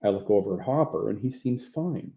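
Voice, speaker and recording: A man narrating his own memoir as an audiobook in a plain, low-key manner. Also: expressive, brisk, vocal fry, warm tone. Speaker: author reading his own book.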